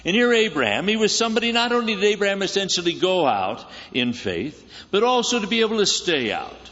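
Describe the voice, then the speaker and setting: Man preaching in a church, high voice, joking and conversational, echoey hall, a little dull. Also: sing-song, brisk, bright, forceful tone. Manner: joking, conversational, quizzes the congregation. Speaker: guest preacher. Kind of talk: sermon. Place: church sanctuary.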